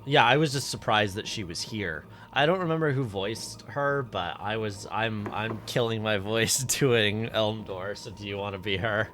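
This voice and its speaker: A man co-hosting a let's play with casual, joking commentary, reeling off trivia quickly. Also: on the low side, fairly bright tone, a little hiss or hum. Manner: joking, reads trivia fast.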